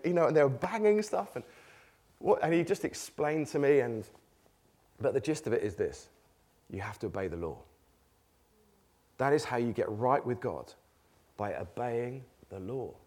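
A man's voice: medium pitch, darkish tone. A man preaching a conversational sermon, asking rhetorical questions and laughing between points. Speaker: pastor.

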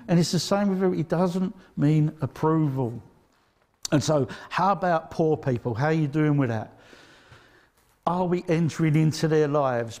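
A man's voice: fairly high pitch, a little mellow. A man with an Essex accent preaching a sermon in a conversational, emphatic way, often checking in with his listeners. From Essex, England.

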